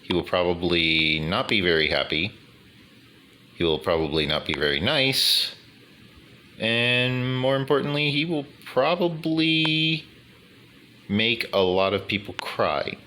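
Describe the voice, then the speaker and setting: A man in casual commentary over a game he is playing, talking in slow, wordy, formal phrases with many fillers. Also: on the low side, animated, sharp tone, slight background noise. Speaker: gaming YouTuber. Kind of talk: rambling commentary over gameplay.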